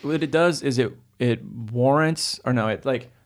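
A young man in casual chat as a podcast co-host, relaxed and swearing freely, often acting out quoted voices. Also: mid-range voice, unhurried.

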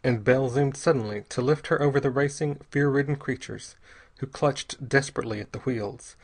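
A man narrating an audiobook chapter in a steady, even reading voice. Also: mid-range voice, moderate pace, vocal fry, slightly rough. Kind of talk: scripted narration.

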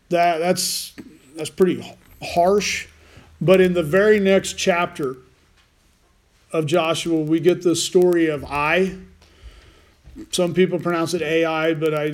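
Male pastor, higher voice, folksy sermon with jokey asides and restarts. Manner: folksy, self-deprecating asides with frequent restarts.

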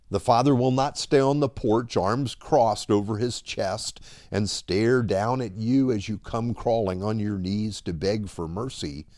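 A man preaching a dramatic devotional sermon, slow and deliberate, often dropping to a hush at the end of a line. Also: mid-range voice, no room sound, studio quality.

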